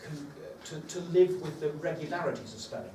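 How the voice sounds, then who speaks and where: Here a man with a slightly high voice speaks in an animated, fairly quick way to a group of teachers in a training session. He thinks aloud casually, using fillers. The recording has room echo, distant miking and background noise.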